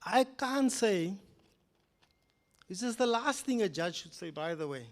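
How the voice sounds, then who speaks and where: An older man with a South African accent tells a case as a narrative during a public lecture in a lecture hall. He's expressive and a little slow, moving between booming emphasis and hushed, low-pitched asides.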